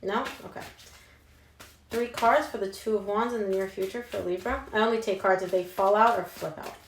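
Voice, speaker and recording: A woman's voice: medium pitch, steady tone, moderate pace, slight background noise. Young woman reading tarot, casual and emphatic, slangy, roomy sound. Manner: chatty and emphatic, slangy asides. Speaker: tarot reader. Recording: roomy echo.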